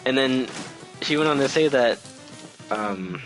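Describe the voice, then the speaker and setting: A man's voice: mid-range voice, measured pace, a bit bright, faint music behind, low-quality recording. A young man who works in retail, telling a casual storytime rant in an exasperated way and swearing freely. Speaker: retail worker.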